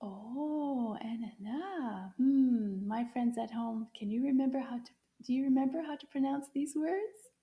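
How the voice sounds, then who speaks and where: A woman teaching a children's lesson, speaking slowly in a sing-song voice to young viewers. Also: high-pitched, muffled recording. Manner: slow, sing-song teacher voice, drawn-out questions.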